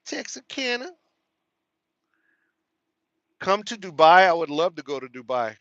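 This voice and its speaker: This trucker livestream host, a man with a Texas country twang, reads comments from viewers in his truck cab, laughing often and repeating his thanks. He talks a little fast in a fairly high, slightly bright voice, captured in a dry, muffled recording.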